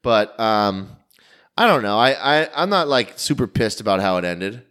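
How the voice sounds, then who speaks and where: A man co-hosting a sports podcast in casual chat, relaxed, swearing freely and trailing off into quiet asides. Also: lowish voice, moderate pace, clear, resonant tone. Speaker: podcast co-host.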